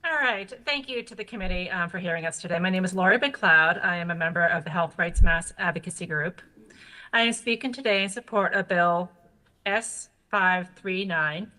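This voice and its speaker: A woman's voice: fairly low pitch, moderate pace. A woman from an advocacy group delivering formal, prepared testimony at a hearing. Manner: formal, steady, read from notes. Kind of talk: prepared testimony read aloud.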